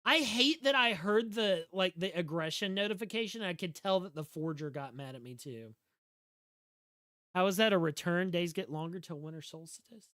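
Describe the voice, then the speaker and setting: High, bright Southern-drawling streamer guy. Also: animated, normal speed, no room sound, studio quality. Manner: joking, rambling, talks back to chat; slurred drawl. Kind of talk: casual live-stream gaming chat.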